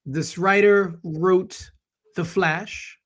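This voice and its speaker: A man's voice: high voice, steady tone, extremely slow, a bit bright. A man with a slightly raised voice hosts a loose, casual pop culture panel chat. He jokes around and reads viewer comments aloud in an easy, offhand way. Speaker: host.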